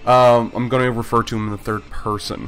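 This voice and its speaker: Male game master, chatty, self-mocking, bright voice, faint music behind. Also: mid-range voice, flat delivery, fairly quick. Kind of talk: running a live tabletop game stream.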